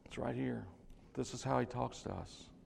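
An older man preaching a sermon as pastor in a church, swinging from hushed to loud with joking asides. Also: medium pitch, moderate pace, vocal fry, a little hiss or hum. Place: church sanctuary. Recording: long reverb of a church hall.

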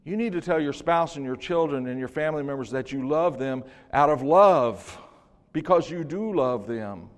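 An older man preaching a sermon as pastor in a church, swinging from hushed to loud with joking asides. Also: a little high, lively intonation, a little fast, few pauses. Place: church sanctuary. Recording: long reverb of a church hall.

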